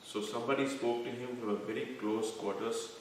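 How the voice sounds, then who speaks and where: A man's voice: medium pitch, fairly even intonation, slight background noise. Man teaching scripture in an echoey room. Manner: explains terms slowly, quizzes listeners. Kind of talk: devotional scripture lecture. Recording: echoey room, mic far off.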